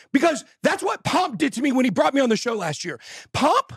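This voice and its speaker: A man hosting a live show, ranting loudly and exasperated, often shouting. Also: very high-pitched, no echo, studio quality. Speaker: show host. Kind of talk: heated rant on a live show.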